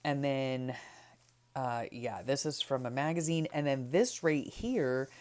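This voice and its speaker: Middle-aged woman, very deep speaking voice, relaxed rambling craft vlogger. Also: a little slow. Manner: chatty, rambling, trails off softly. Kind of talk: casual craft journal flip-through chat.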